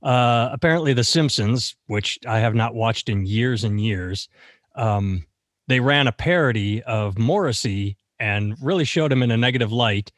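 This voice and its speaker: A man's voice: normal speed, no room sound, studio quality. A man co-hosting a casual comedic news podcast, sarcastic and crude, his voice jumping up when he mocks. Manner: sarcastic, swings high when mocking. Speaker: podcast co-host.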